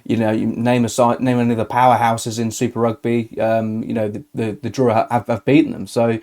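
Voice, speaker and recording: A man's voice: medium pitch, little pitch movement, fairly quick, a little mellow. A man hosting a rugby podcast, chatting conversationally with some hesitant fillers. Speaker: podcast host, assistant editor. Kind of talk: casual interview chat.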